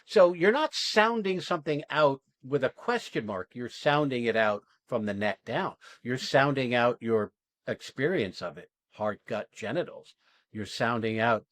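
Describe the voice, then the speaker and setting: A man's voice: medium pitch, expressive, a little slow, fairly bright tone, no echo. A man coaching actors through an exercise, talking in an emphatic, blunt way and swearing freely. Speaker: acting coach. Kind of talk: coaching an acting class demo.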